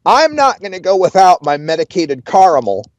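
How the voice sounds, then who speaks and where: A man's voice: a little high, animated, moderate pace, darkish tone, dry recording. A man with a Pacific Northwest accent hosting a show, chatting casually with sarcastic asides. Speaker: host. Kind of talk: casual radio commentary.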